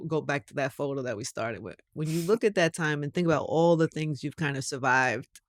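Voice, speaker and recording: A woman's voice: low-pitched, brisk, no room sound, clean studio sound. A woman hosting a podcast, interviewing a guest in an encouraging, affirming way. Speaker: podcast host. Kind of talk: interview conversation. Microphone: podcast studio mic.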